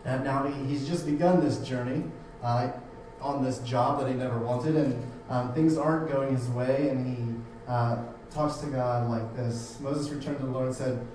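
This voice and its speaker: A man's voice: mid-range voice, steady tone, moderate pace, darkish tone. A man preaching a casual sermon who often repeats words and restarts his sentences. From United States. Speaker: pastor. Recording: very echoey room, voice from a distance, faint hum.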